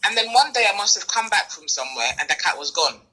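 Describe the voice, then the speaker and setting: A woman's voice: medium pitch, big pitch swings, quick pace, sharp tone, husky, rough recording. A woman from England talking candidly with a reader over a video call, telling stories with hesitant fillers. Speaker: reading client. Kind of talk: casual conversation.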